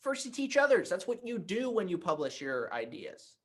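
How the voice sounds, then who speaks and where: A man teaching a writing workshop, telling a personal anecdote in a conversational, animated way. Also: high voice, normal speed. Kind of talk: workshop talk with storytelling.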